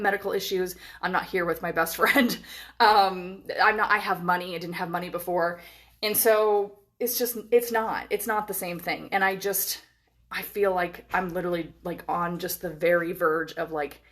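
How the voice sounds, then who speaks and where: Woman in her thirties, casual live-stream vlogger. Excitable, profane, filler-heavy, talking into a phone camera. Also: lowish voice. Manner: excitable, swears freely, lots of fillers. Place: hotel room.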